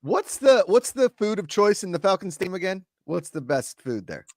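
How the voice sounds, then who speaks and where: Lively, animated man hosting. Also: high voice, no room sound, studio quality. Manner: animated, joking, quick reactions. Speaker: host. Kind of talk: casual chat.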